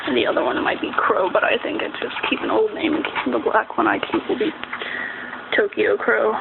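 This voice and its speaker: A woman's voice: medium pitch, a little fast, gravelly. Woman, cooing baby talk to kittens, tinny phone-like sound, noisy background. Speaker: pet owner filming her kittens. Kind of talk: casual home video. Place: home room with kittens.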